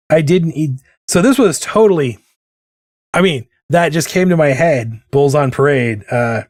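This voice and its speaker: A man with a somewhat high, darkish voice chats casually as he draws during a streamed session, rambling onto tangents and poking fun at himself. The recording is dry and studio quality.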